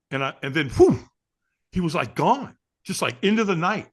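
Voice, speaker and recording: A man guest on an interview show, telling a personal story with lively, acted-out quotes and frequent restarts. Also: a little high, moderate pace, breathy edge. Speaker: guest, firewalk instructor.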